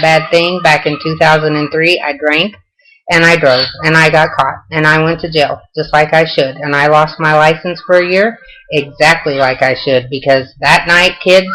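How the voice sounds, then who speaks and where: A woman's voice: deep voice, fairly bright tone, poor audio. An older woman with a Southern US accent, chatting casually and answering questions in a home vlog, folksy and self-deprecating. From Southern United States. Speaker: vlogger.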